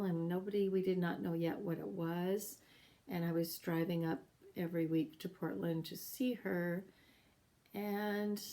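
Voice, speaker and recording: A middle-aged woman with a warm, mellow and somewhat low voice tells a personal story. She speaks earnestly and with feeling, often breaking off with halting pauses. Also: creaky. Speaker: podcast host sharing her story.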